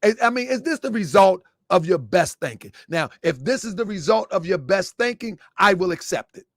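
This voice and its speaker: A man with a very high voice talks in a lively, swooping way through a mocking commentary. He asks rhetorical questions and laughs often. The sound is close and dry. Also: moderate pace, no echo. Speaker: online commentator.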